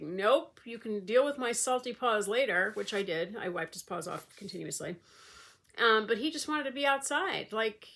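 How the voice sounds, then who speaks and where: Brief: rambling, chatty woman vlogger, mid-pitched, with a lot of vocal fry. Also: pushed and bright. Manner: rambling, chatty, many fillers. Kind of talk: casual chat.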